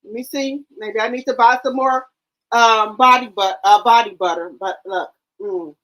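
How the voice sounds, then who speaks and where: High-voiced chatty woman talking to viewers. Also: moderate pace, low-quality recording. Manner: loud, chatty, swears freely, repeats herself. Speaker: gossip channel host. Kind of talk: casual chat to camera.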